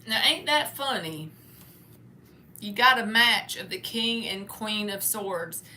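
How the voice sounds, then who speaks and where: A woman's voice: medium pitch, slow, bright, forceful tone, a little hiss or hum. Folksy woman reading tarot. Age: 30s. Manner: folksy, candid, casual. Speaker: tarot reader. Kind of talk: live-stream tarot reading.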